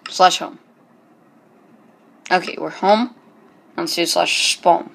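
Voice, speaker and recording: Slow, hesitant male game commentator. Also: high voice, creaky, a bit bright. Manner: hesitant, many ums and restarts; chatty and joking. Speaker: gameplay channel host. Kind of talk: casual gameplay commentary.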